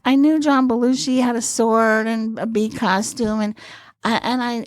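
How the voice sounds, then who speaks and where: A woman in her sixties, a comedian, telling lively stories as a podcast guest. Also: on the high side, no echo, clean studio sound. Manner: lively anecdotal storytelling, acting out quoted voices. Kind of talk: storytelling in a podcast interview.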